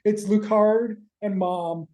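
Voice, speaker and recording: A man co-hosting a podcast, casually recapping a TV episode in rambling, quick asides with the odd swear word. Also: sits high, steady tone, dark tone. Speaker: podcast co-host.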